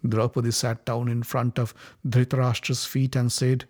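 A man narrating an epic story with dramatic, sometimes hushed delivery. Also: level tone, normal speed. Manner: dramatic, dropping low for ominous moments.

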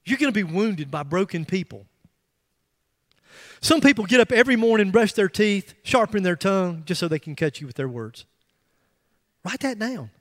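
A middle-aged male pastor with a high voice tells his story in an emphatic, lively way, often stopping to restart a phrase. His sermon rings out with the long reverb of a large church hall. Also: normal speed, long pauses. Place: church sanctuary.

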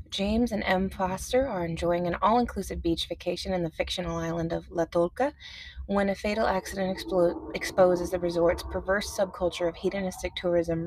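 A woman's voice: on the low side, a little hiss or hum. A woman hosting a casual movie review podcast, chatty and self-aware, laughing easily as she talks. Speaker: podcast host.

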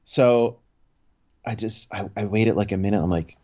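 A podcast co-host with a fairly low voice tells a story a little fast in casual conversation. His animated delivery is full of restarts, fillers, and "like." The recording sounds muffled.

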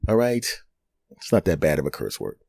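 A middle-aged man, a podcast host and comedian, telling a story in an animated, chatty way with chuckling asides. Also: rumbling low, normal speed, gravelly, slightly rough, no room sound. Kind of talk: storytelling monologue.

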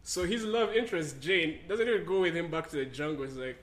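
A man chatting casually as a co-host, telling a story in a loose, rambling way. His voice sits a little high, and it swings up in pitch whenever he gets excited. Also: brisk. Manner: rambling, animated storytelling with many fillers. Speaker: podcast co-host. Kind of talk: casual chat.

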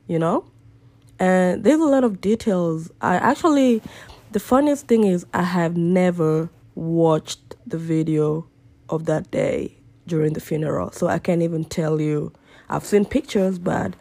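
A woman's voice: fairly low pitch, vocal fry, darkish tone, no echo. A young woman telling a personal story to her viewers in a candid, reflective way. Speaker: vlogger. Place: home near a busy road.

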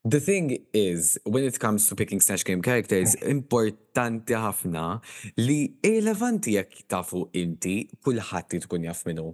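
Male co-host, Maltese accent, lowish voice, opinionated and code-switching. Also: big pitch swings, moderate pace, darkish tone. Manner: opinionated, mixes English and Maltese. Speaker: podcast co-host. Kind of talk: casual chat about a reality show.

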